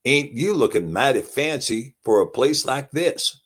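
A man's voice: mid-range voice, sing-song, brisk, voice pushed up. Man doing a young bar guy, folksy and a bit mouthy, huskyish. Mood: wary. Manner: folksy, lightly mocking. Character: young male bar worker, polite, mouthy.

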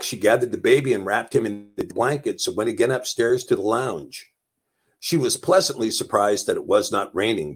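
A man's voice: lowish voice, breathy edge. A man reading a novel aloud as narrator, telling it plainly and lightly voicing the dialogue. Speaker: audiobook narrator. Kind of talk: scripted narration.

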